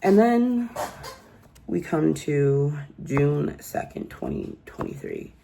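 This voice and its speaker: A man's voice: a little high, huge pitch swings, takes it slowly, vocal fry, warm tone, slight background noise. A man casually recapping a true crime case in a rambling, incredulous way, full of fillers.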